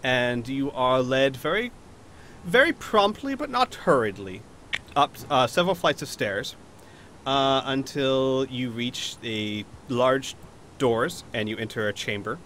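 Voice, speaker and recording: A man's voice: medium pitch, lively intonation, a little slow, a bit bright, slight background noise. A man narrating a tabletop role-playing game as game master, rambling at times with fillers and restarts.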